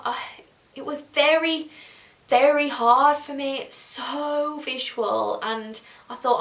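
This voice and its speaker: A young woman in her twenties, chatting casually to camera in a bubbly, animated way, acting out her own past thoughts. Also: a little high. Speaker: vlogger. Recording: roomy echo, a bit distant from mic.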